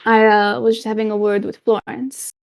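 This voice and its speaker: A woman voicing a wry male pirate captain in a tabletop game, with a gravelly voice. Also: on the high side, level tone, normal speed, no echo. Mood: casual. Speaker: game master.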